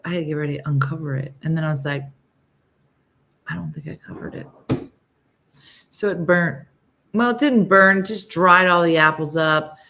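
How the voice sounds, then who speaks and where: A woman's voice: low-pitched, fairly bright tone. A woman hosting a live stream, chatting casually and rambling between stories while reading out viewer comments. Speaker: live show host.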